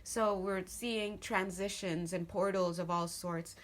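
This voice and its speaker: A woman's voice: fairly low pitch, steady tone, slow. A woman giving a casual spoken tarot reading to her viewers, chatty and rambling, with frequent laughs and asides. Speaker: tarot reader.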